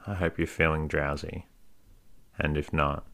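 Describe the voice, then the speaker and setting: A man reading a classic novel aloud as a soothing bedtime story, calm and even. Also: rumbling low, a little slow. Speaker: host and reader.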